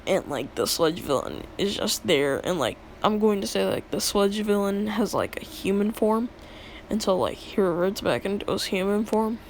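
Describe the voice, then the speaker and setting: A woman's voice: medium pitch, lively intonation, normal speed, a little hiss or hum. A young woman casually retelling a made-up story in a rambling, filler-heavy way, laughing at her own jokes.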